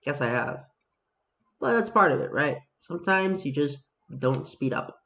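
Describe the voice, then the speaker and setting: Male gaming vlogger, wry self-deprecating chatter, slightly high voice, dull home-mic sound. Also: animated, a little slow, gravelly, fairly bright tone. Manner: self-mocking, talks to himself and viewers. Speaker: gaming video host. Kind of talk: casual gameplay commentary.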